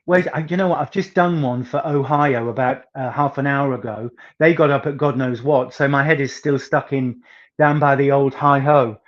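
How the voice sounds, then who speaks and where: This interview guest is a singer from northeast England with a soft regional accent, telling chatty anecdotes and leaning on words with theatrical emphasis. He speaks at a medium pitch with fairly even intonation and normal speed, and the sound is lo-fi.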